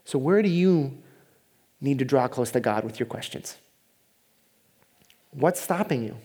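A man preaching a sermon as pastor, in a conversational way, dropping to a hushed voice when he voices prayers. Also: mid-range voice, animated, unhurried, breathy edge.

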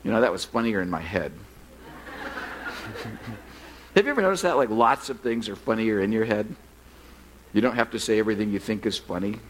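A man preaching a sermon as pastor at a church service, conversational and self-deprecating, joking with the congregation and turning earnest and quiet in prayer. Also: fairly low pitch, expressive, normal speed, long pauses, slight background noise, poor audio.

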